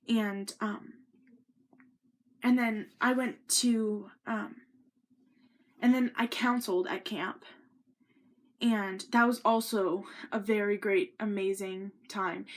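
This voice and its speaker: A young woman sits and tells her own story to the camera in an earnest, rambling way, full of ums and false starts. Her voice sits a little high for a woman. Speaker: vlogger. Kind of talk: sit-down personal story vlog.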